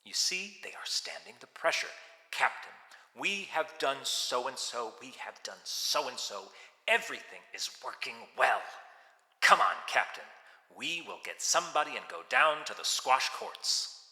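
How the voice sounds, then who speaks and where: A man's voice: mid-range voice, very animated, measured pace, sharp tone, pitched above the performer's own voice, exaggerated voice. A man playing a dictatorial, boastful shipping magnate, with an American accent and an assertive, commanding manner. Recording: roomy echo with long reverb.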